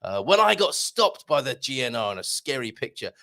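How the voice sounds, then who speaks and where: A hoarse man hosting a live morning show, chatting and joking in a rambling way. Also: medium pitch, very animated, brisk, bright, forceful tone. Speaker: host. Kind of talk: casual live-stream chat.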